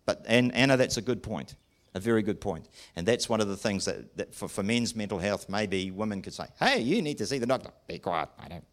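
A man's voice: on the low side, fairly quick. An older man preaching a sermon in a church, plain-spoken and self-deprecating.

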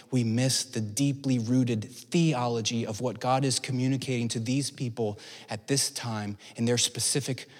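A man preaching a sermon at a church service, expressive, dropping to soft low tones for emphasis. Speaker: pastor. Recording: long reverb of a church hall.

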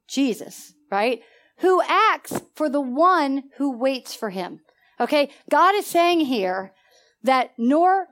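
Woman, high voice, animated preacher, call-and-response, church sermon. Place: church sanctuary.

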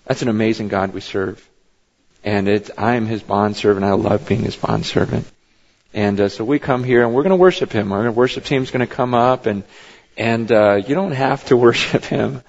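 A male pastor preaching a sermon in a church, talking casually with his congregation and climbing to high, emphatic peaks. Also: normal speed. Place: church sanctuary. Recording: dull sound with long hall reverb.

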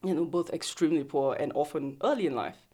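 A woman's voice: low voice, brisk, mellow. A woman in her thirties or older, an interview guest who speaks reflectively and restarts her sentences as she thinks. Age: 30s or older. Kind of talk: reflective conversation.

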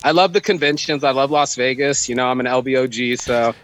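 A man joining a podcast as a guest, chatting in an excitable, enthusiastic way and joking quickly. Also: mid-range voice, rough recording. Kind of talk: casual chat.

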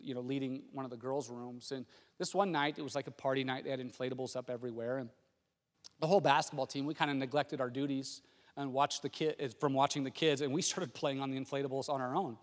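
A middle-aged man preaching a sermon, telling a personal story in a lively way with frequent restarts. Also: medium pitch, fast, in a large hall. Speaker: pastor.

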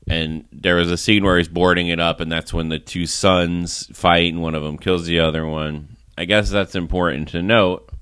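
A man's voice: deep voice, little pitch movement, normal speed, few pauses, fairly bright tone, smooth, dry recording. A man hosting a casual movie review podcast, recapping the plot in a rambling way with lots of "like" and laughs. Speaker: podcast host.

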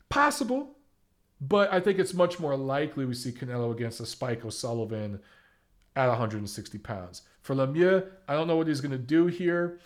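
A young man giving blunt, opinionated commentary on boxing, casual and swearing freely. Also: medium pitch.

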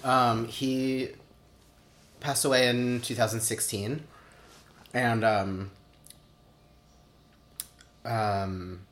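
A man's voice: mid-range voice, fairly even intonation, extremely slow, long pauses, fairly bright tone. A man in his thirties, interviewed for an oral history, telling personal stories casually with lots of "like" fillers and acted-out quotes. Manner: chatty, many "like" fillers, acts out quotes. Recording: roomy echo.

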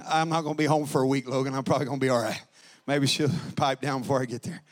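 A man preaching a Pentecostal sermon, teasing and conversational at first, then building to shouted, drawn-out preaching. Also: medium pitch, steady tone. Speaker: pastor.

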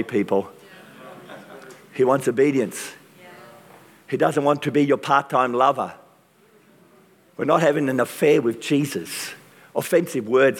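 A man preaching a sermon with passion and dramatic pauses, his voice strained from use. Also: medium pitch, slightly rough. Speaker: pastor. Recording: long reverb of a large hall.

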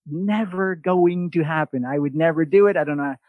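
A man's voice: on the high side, normal speed, no room sound, narrow, tinny audio. New man telling stories, dry sound. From New York. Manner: animated, mimics other voices in quotes, swears casually. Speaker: podcast host. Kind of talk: casual storytelling chat.

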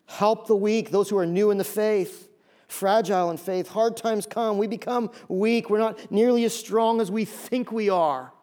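A man preaching a sermon as pastor, animated, acting out voices and repeating key phrases. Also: high voice, normal speed. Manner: animated, acts out voices of listeners.

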